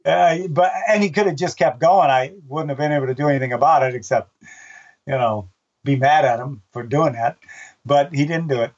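An older man, a race announcer, chatting in an interview and acting out his own shouts as he tells stories. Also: fairly high pitch, fairly quick, distant mic, dull audio. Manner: animated storyteller, acts out his own shouts. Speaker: race announcer and book author. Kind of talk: casual interview chat.

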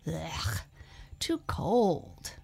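A woman's voice: low voice, sing-song, extremely slow, vocal fry, darkish tone, husky, full character voice. A woman doing a picky, whiny little girl. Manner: whiny and sighing.

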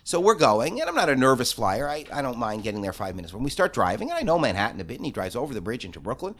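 A man guest on a podcast, talking loudly and quickly and acting out the people in his stories. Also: mid-range voice, big pitch swings. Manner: loud, fast, acts out voices in his stories. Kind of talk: animated storytelling.

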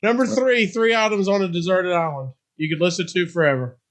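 A man hosting a casual interview, laughing along and firing off quick questions. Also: high voice. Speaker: host.

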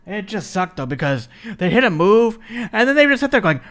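A man co-hosting a casual wrestling podcast, profane and animated, ribbing wrestlers and slipping into mocking voices. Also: high voice, brisk. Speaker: podcast co-host.

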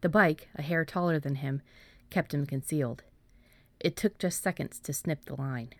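A woman, an author, reading her own story aloud in a measured way and then chatting about it with hesitant fillers. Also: low voice, a little mellow, no room sound. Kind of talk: storybook narration, then casual chat.

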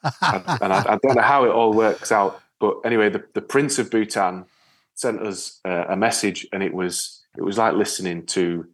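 A man from with a fairly low voice, talking as a guest in a relaxed interview. He is a lively storyteller who slips into the voices of the people he describes. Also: normal speed. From Yorkshire, England. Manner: storytelling, lively, animated re-enactments. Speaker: guest, ocean rower. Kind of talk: casual interview chat.

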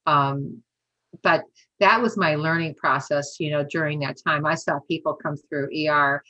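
A woman's voice: sits low, steady tone, normal speed, bright, forceful tone, highs cut off. A woman in her sixties telling stories in a casual, chatty way, laughing often and acting out what people said. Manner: chatty, peppered with "you know" and laughter, acts out dialogue. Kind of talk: casual storytelling.

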